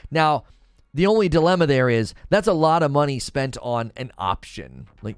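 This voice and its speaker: A man hosting a casual gaming livestream, reading chat and arguing his opinions out loud, now and then mimicking cartoon voices. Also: moderate pace, clear, resonant tone, no room sound. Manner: animated, opinionated, thinks aloud; briefly mimics cartoon voices in a high falsetto. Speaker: gaming news host reading live chat.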